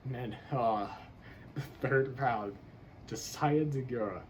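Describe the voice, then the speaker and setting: A man's voice: mid-range voice, slow, slight background noise, poor audio. A man grading football draft picks in a casual commentary, blunt and exasperated, swearing and laughing as he rants.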